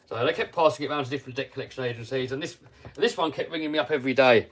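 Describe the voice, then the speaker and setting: A British man hosting a livestream, telling a story casually and animatedly, dropping to mutters and rising to loud outbursts. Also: mid-range voice, racing. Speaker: livestream host.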